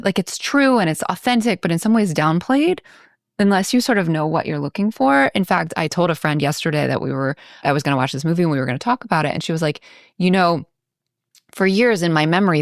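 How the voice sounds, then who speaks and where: A woman's voice: on the low side, no echo, studio quality. A woman from Baltimore co-hosting a podcast, talking through a film in a chatty way with many asides. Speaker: podcast co-host. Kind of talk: casual film discussion.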